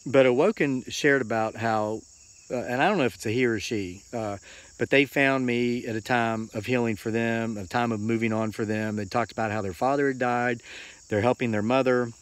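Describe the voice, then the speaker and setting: A man's voice: mid-range voice, normal speed, no echo. An American man giving an earnest, rambling motivational talk into a handheld phone, repeating himself for emphasis. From United States. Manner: earnest, rambling and repetitive, with many fillers. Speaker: homesteading vlogger.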